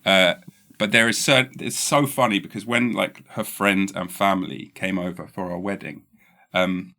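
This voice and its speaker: Bright-voiced English podcast host man. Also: sits low, normal speed. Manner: rambling, restarts often, animated when quoting. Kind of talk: casual podcast chat.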